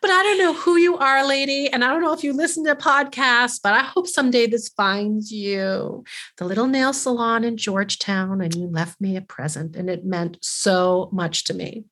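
A woman's voice: fairly high pitch, moderate pace, fairly bright tone. Woman, podcast co-host, casual storytelling, earnest, emotional.

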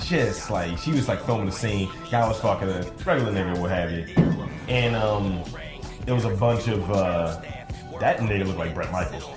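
A man's voice: deep voice, normal speed, roomy sound, music in the background. A man co-hosting a casual podcast, telling crude stories and acting out the people in them. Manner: animated storytelling with lots of impressions. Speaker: podcast co-host. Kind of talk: casual explicit podcast banter.

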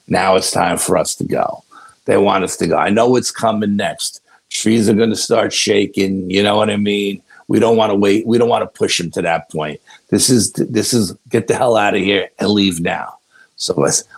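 A man with a gravelly voice, telling a long story as a guest in a casual interview, often adding "you know". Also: sits low. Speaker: guest investigator.

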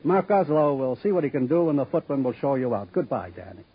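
An actor playing a suave, sardonic gangster boss in a 1950s radio drama, with a silky, languid, ironic drawl. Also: male voice, mid-range voice, big pitch swings, quick pace, background noise, close to an everyday voice. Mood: silky mocking. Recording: dull old radio broadcast recording.

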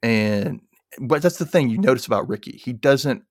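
A man's voice: mid-range voice, normal speed, dry recording, clean studio sound. A man hosting a podcast, casually recapping an episode and acting out the characters' lines. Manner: animated retelling, acting out quotes. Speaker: podcast host.

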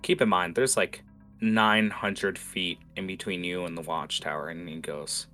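Deep-voiced young man running a tabletop game. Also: steady tone, unhurried, pushed and bright, faint music behind. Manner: rambling, many fillers, casual swearing. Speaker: game master.

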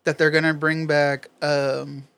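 A man's voice: a little high, level tone, measured pace, vocal fry, a bit bright, clear, resonant tone. A man chatting casually with friends, talking loosely and profanely as he rambles through theories and opinions. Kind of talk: casual chat among friends.

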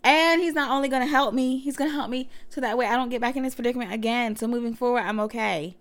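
A woman's voice: a little high, fast. Chatty woman around thirty, slangy. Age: about 30. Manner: chatty and slangy, addressing listeners directly. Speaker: podcast host and mother. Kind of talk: casual faith podcast talk.

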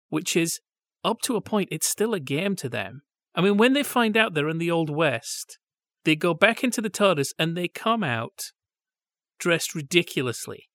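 A man with a slightly higher-than-usual voice, chatting on a podcast in a discursive, wry way with long asides. He sounds close to the mic in a dry, dead room. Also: fairly bright tone, dry recording. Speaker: podcast co-host. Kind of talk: casual analytical chat.

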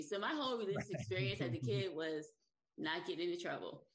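Woman, podcast host, casual interview, low-ish pitch, open questions. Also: animated, fast. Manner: conversational, asks open questions.

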